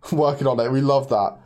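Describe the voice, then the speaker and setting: A young man hosting a casual livestream, chatty and excitable, laughing often and talking straight to his chat. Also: medium pitch. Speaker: livestream host.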